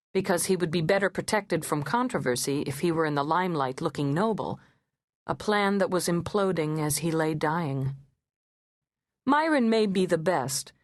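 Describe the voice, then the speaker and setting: A woman reads an audiobook in the first person, her measured delivery carrying a sardonic edge. Her voice sits on the low side for a woman. It was recorded close and dry in a studio, with no room sound. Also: dry recording. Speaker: audiobook narrator. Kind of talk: first-person scripted narration.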